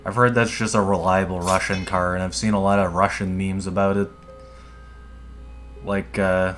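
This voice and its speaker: Deep-voiced and fairly bright, this man talks at a moderate pace with fairly even intonation while soft music plays behind him. He's streaming a dungeon game, offering laid-back, rambling commentary full of swearing.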